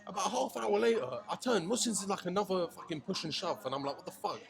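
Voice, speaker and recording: A young man, telling a night-out story in casual podcast chat, animated, slangy and swearing. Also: high-pitched, quick pace, gravelly. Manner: animated, swearing, slangy, acts out friends' lines. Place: shisha lounge. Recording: music playing behind.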